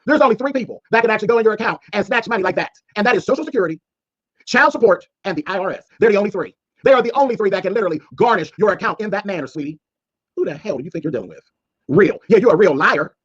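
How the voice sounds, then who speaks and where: Sassy high-voiced man scolding fast. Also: lively intonation, lo-fi sound. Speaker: commentary streamer. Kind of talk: call-out commentary rant.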